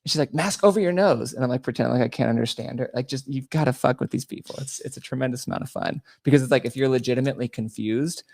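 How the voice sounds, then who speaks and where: A man's voice: mid-range voice, flat delivery, racing, gravelly, few pauses, a little mellow, no room sound, clean studio sound. A man co-hosting a podcast, telling stories in a mocking, laughing way during a casual chat. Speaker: podcast co-host.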